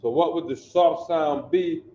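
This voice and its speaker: Slow, echoey man teaching a class. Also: a little high, dark tone. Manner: slow, repetitive, checks understanding often. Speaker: language teacher. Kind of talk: classroom language lesson. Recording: echoey room, dull lo-fi sound.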